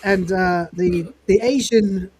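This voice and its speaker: A woman hosting a podcast recaps an episode in loose, rambling chat, with swearing and laughs along the way. Her voice is husky and sits at an average pitch. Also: slow pace, a little mellow. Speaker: podcast host. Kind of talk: casual chat recapping a show.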